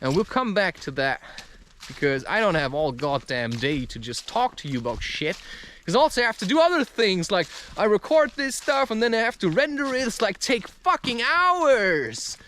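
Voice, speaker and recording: Male vlogger outdoors, high and animated, slow, rambling, cheeky, swears freely. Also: a little hiss or hum. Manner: profane, playful, slips into mock voices. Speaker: vlogger and podcast host. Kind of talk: rambling casual monologue. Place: outdoors in a forest.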